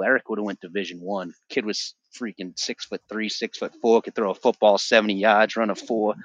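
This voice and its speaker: A man shares his personal faith story as a podcast guest. He speaks earnestly and with feeling, circling back on his own phrases for emphasis. His voice sits a little low, and the recording is muffled and lo-fi. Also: no room sound. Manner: earnest, emotional, repeats himself for emphasis. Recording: dull lo-fi dry sound.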